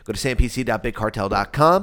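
A man co-hosts a casual podcast, cursing freely and joking between sponsor plugs. His voice is smooth and clear. He sounds like he is hanging out with friends. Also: on the low side, quick pace. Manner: crude, joking, hypes sponsors and shout-outs. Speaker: podcast co-host.

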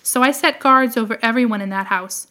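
A woman narrating a storybook tale in a measured, expressive reading voice. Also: fairly high pitch. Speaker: audiobook reader.

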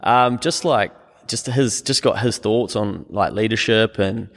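A man's voice: on the low side, measured pace, gravelly, in a large hall. A man with a New Zealand accent, a podcast guest talking casually in a rambling, slangy way with lots of fillers. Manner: laid-back, slangy, rambling with many fillers. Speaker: podcast guest, business owner.

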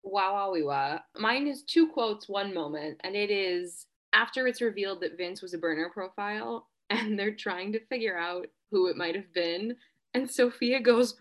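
A woman's voice: medium pitch, moderate pace. A woman co-hosting a casual podcast, playfully acting out quotes as she retells them. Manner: playful, quotes others in silly voices. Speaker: podcast co-host. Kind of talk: casual recap chat.

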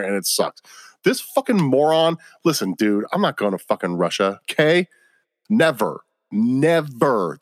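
A man's voice: mid-range voice, dry recording, studio quality. A man hosting a solo podcast, ranting in a casual, profane way packed with slang and exasperation. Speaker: podcast host.

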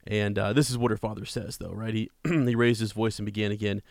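A man's voice: on the low side, flat delivery, a little fast, creaky, no echo, studio quality. A man co-hosting a podcast, chatting casually about a book and reading passages aloud with frequent restarts. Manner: conversational, repeats words, reads quotes plainly. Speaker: podcast co-host.

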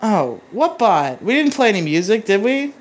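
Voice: medium pitch, very animated, normal speed. A podcast host chatting casually, teasing and crude, laughing often.

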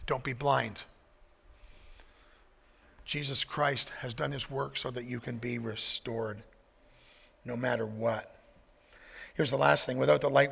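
A man's voice: mid-range voice, fairly even intonation, a little slow, gravelly, long pauses, fairly bright tone, husky, big-room sound. A male pastor preaching a sermon in a conversational way, mixing anecdotes with scripture.

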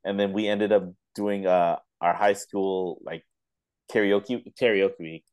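A man co-hosting a podcast, telling animated stories in casual chat with lots of fillers. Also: sits low, measured pace. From Canada. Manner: animated storytelling with laughs and fillers. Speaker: podcast co-host.

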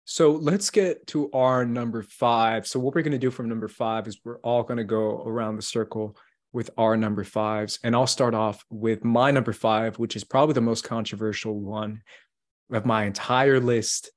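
A man's voice: mid-range voice, fairly even intonation, moderate pace. A young man co-hosting a casual movie podcast, enthusiastic and laughing easily as he counts down his list. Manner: enthusiastic, ranking films with a laugh. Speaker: podcast co-host.

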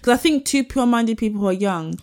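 Expressive young British woman co-host. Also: on the high side, fast. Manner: expressive, teasing, swears and laughs freely. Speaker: podcast co-host. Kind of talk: casual chat.

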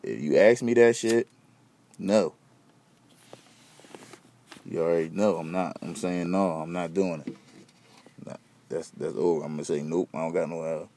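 A man's voice: deep voice, a little slow, vocal fry, pauses often, warm tone. A young man hosting a podcast, rambling in loose, slangy, profane casual chat. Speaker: podcast host.

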